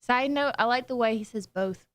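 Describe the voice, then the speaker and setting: A woman with a Southern US accent co-hosting a morning radio show, sassy and quick to push back in casual banter. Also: on the high side, a bit bright, dry recording. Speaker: radio co-host.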